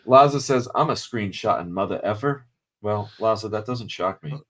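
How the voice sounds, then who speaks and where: A man's voice: on the low side, expressive, moderate pace. A man hosting a podcast, talking bluntly and casually, calling listeners brother. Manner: blunt, conversational, calls people brother. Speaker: podcast host.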